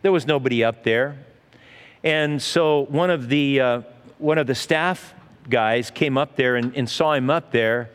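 A man's voice: mid-range voice, a little slow, clean tone, big-room sound. A middle-aged man preaching a sermon as pastor, in a folksy, conversational way with asides and restarts.

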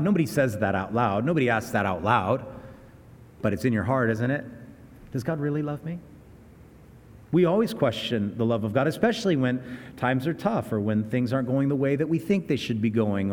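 A male pastor preaches in an earnest, conversational way, circling back to restart his phrases. His voice sits at an average pitch. The sound carries the long reverb of a church hall. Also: darkish tone. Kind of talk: sermon.

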